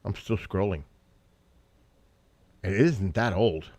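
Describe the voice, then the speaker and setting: Low-voiced rambling male stream host. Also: slow pace, dry recording. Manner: rambling, talks to chat and family, breaks into loud exclamations. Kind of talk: casual live stream chat.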